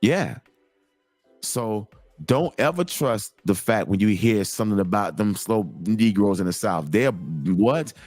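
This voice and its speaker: A middle-aged man hosting a show, telling a personal story in a casual, animated, digressive way. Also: lowish voice, measured pace, no room sound, faint music behind. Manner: animated, digressive, lots of repeated starts. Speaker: host.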